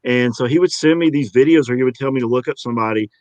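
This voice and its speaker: A man's voice: mid-range voice, quick pace, a little mellow, dry recording. A man with a Georgia accent, an easygoing and chatty voice actor being interviewed. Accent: Georgia, US South. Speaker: voice actor guest. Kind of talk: casual interview talk.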